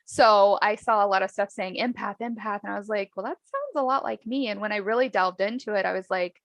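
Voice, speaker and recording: A woman chatting casually about her own life, acting out the people in her stories with lively voices. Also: mid-range voice, a little fast, dry recording. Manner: animated, acts out dialogue in lively voices. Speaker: podcast host, guest. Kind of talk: casual storytelling chat.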